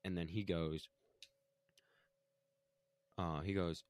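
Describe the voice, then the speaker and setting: A man with a low voice tells a story in relaxed podcast chat. He is heated and swears in almost every sentence. The sound is dry and close. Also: moderate pace, clear, resonant tone, no room sound. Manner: heated, swears constantly, acts out quotes. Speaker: podcast co-host telling a story. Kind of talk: casual chat.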